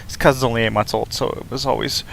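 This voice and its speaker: A man's voice: mid-range voice, fairly even intonation, quick pace, gravelly, a bit bright, slight background noise. A man in his thirties chatting casually on a game live stream, rambling loosely with lots of fillers and restarts.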